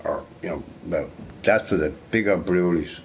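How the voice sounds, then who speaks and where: A young man rambling casually while streaming a game, swearing freely and telling stories in an animated way. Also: sits low, moderate pace, noisy background. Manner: profane, rambling, animated storytelling. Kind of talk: casual rambling chat over gameplay.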